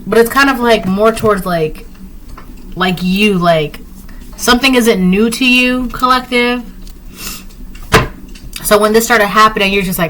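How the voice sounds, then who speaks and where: A woman's voice: mid-range voice, a little slow, pauses often, a bit bright, slight background noise. A woman giving a casual spoken tarot reading, rambling with lots of fillers and repeated phrases. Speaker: tarot reader.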